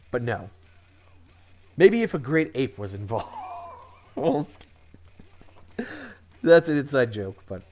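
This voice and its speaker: A man from Connecticut telling one-liner jokes, chuckling at his own punchlines and commenting offhandedly on them. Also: medium pitch. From Connecticut, USA. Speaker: comedian.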